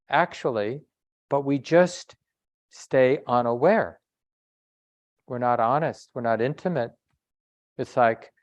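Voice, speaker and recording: A man gives a dharma talk as a meditation teacher. His voice sits at a middle pitch, and he speaks in a reflective, conversational way, pausing and correcting himself as he goes. The sound is dry and close, with no room echo. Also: muffled recording.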